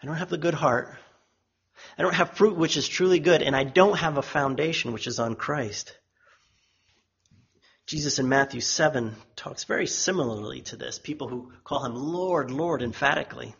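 A man preaching a sermon, emphatic, lifting his voice when he quotes others and dropping low and quiet on solemn lines, with a husky tone. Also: normal speed, muffled recording.

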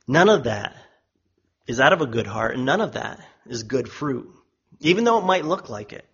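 A man preaching a sermon, emphatic, lifting his voice when he quotes others and dropping low and quiet on solemn lines, with a husky tone. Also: big pitch swings, moderate pace, highs cut off.

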